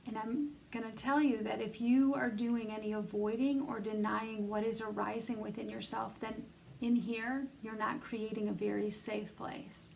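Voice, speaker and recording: Gravelly-voiced woman coaching self-love. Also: a little high, flat delivery, normal speed, a little mellow, slight background noise, low-quality recording. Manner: earnest, encouraging, speaks straight to the listener. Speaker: self-love coach leading an online bootcamp. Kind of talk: conversational self-help coaching talk.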